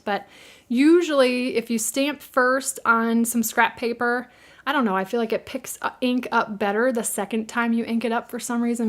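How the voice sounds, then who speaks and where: A woman's voice: a little high, a bit bright. A middle-aged woman with a Midwestern American accent hosts a live craft tutorial, chatting in a friendly way, laughing easily and answering viewers' questions.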